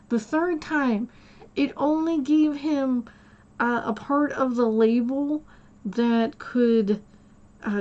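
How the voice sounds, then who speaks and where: Woman, streamer, rambling casual storytelling, quotes dialogue, fairly high voice, dull lo-fi mic. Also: darkish tone. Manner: rambling, retells dialogue with many "I was like". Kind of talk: casual storytelling while gaming.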